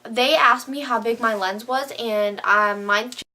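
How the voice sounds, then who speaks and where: A woman's voice: fairly high pitch, unhurried, bright, forceful tone. A woman vlogger chatting casually to camera, gushing and filling her talk with "like". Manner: gushing, says "like" a lot.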